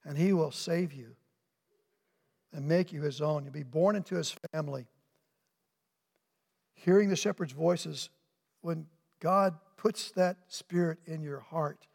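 An older male pastor delivers an earnest sermon, pressing his congregation with questions and slowing down to land his points. His voice sits a little high for a man and carries a gravelly edge. The sound rings out with the long reverb of a church hall. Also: a little mellow. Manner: earnest, asks rhetorical questions, slows for emphasis.

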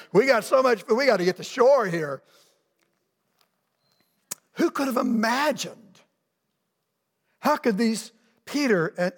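A middle-aged man preaching a sermon as pastor, animated and acting out the voices of people in the story, in a church sanctuary. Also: high voice. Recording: long reverb of a church hall.

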